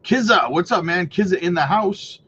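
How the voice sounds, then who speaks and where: Man, livestream host, fairly high voice, upbeat and hyped, lots of fillers, muffled audio with faint noise. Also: expressive, normal speed, sharp tone. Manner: upbeat, hype, many fillers like "you know" and "right". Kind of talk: casual livestream chat reading viewer comments.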